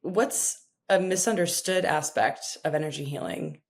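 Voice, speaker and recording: A woman's voice: deep voice, a little slow, vocal fry. A woman hosting a podcast, asking thoughtful questions with self-deprecating asides. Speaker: podcast host. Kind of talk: interview questions, casual chat.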